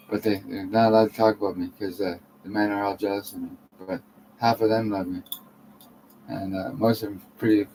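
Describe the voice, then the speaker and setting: A man's voice: fairly low pitch, mellow, slight background noise, poor audio. A man from Canada rambling profanely to camera, jumping from topic to topic.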